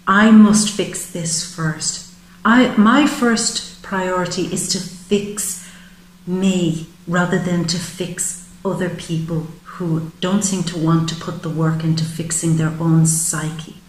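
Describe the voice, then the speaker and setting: A woman's voice: on the low side, fairly even intonation, takes it slowly, echoey room, a little hiss or hum, rough recording. A woman giving a psychic tarot reading, speaking with emotion and voicing the feelings she senses in the listener. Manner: emotive, voices the querent's feelings. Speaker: tarot reader.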